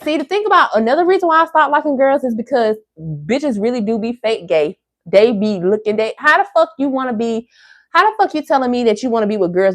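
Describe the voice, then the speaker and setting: A woman's voice: fairly low pitch, dry recording. A woman hosting a livestream, ranting bluntly and profanely to her viewers in casual chat. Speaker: livestream host. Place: Miami area.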